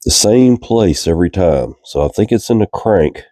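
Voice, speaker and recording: A man with a deep voice and a Virginian accent, congested from a cold, talks at a moderate pace while repairing a fishing reel in a cold garage. As host of a reel repair channel, he narrates in a relaxed, chatty way, thinking aloud with fillers, captured in a dry, clean studio recording.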